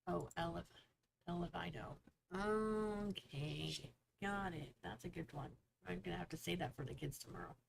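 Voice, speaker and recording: A woman hosts a casual author livestream, chatting with viewers, cracking jokes and reading their comments aloud. Her voice is fairly low with vocal fry, she speaks at a normal speed, and there's slight background noise.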